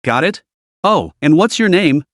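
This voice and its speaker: A man's voice: on the high side, animated, unhurried, dry recording, clean studio sound. A man doing a pushy rich bald passenger. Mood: rude. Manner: rude, demanding, loud. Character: pushy balding rich middle-aged man.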